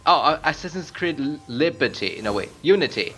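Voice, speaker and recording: A man commentating live on his own gameplay, chatting casually and bursting into loud screams and laughs at the game. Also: on the high side, animated, fairly quick, soft background music. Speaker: game streamer.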